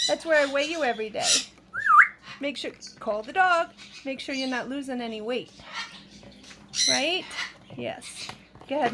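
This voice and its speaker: High-voiced woman cooing to her pets. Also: heavy background noise. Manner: sing-song baby talk to animals, frequent laughs. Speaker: pet vlogger. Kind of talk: cooing pet talk to camera. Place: home, indoors.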